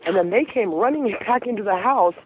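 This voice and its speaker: A woman phones in to a radio talk show and tells her story in an earnest, halting way, with plenty of ums and restarts. Her voice comes through a tinny phone line. A faint hiss sits underneath it. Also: medium pitch, animated. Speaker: caller. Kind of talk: call-in storytelling.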